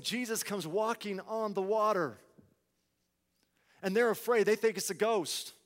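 Guy preaching a sermon, kinda high voice, lots of hall echo, throws questions at the crowd. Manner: rhetorical questions, dramatic quoted complaints.

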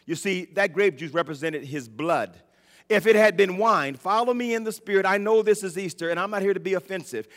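A man preaching a sermon, telling the story dramatically and building up to shouted points. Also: high-pitched, expressive, a little fast. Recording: long reverb of a large hall.

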